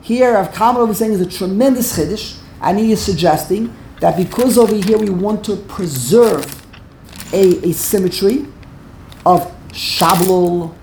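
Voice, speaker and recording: A woman's voice: medium pitch, lively intonation, moderate pace, dark tone, slight background noise. A woman teaching a Torah grammar class, emphatic and repeating words while she corrects pronunciation. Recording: echoey room.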